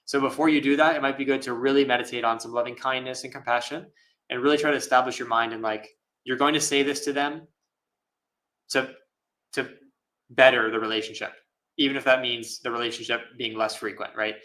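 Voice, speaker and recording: A male Buddhist monk with a bright, clear voice gives an easygoing live question-and-answer talk. He speaks thoughtfully, laughs often and pads his phrases with fillers. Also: mid-range voice, steady tone, brisk, poor audio.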